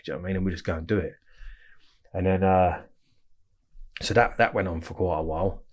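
A man's voice: low-pitched, fast talker, pauses often, slightly rough. A man, bluntly telling his story in a casual interview, swearing often and rambling. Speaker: interview guest.

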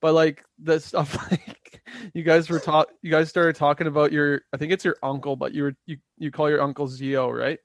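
Young guy on a podcast, kinda high voice, rambly, lots of like, dry sound. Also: level tone, moderate pace, no echo. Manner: rambling, full of "like", laughs often. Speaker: podcast co-host. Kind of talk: casual chat.

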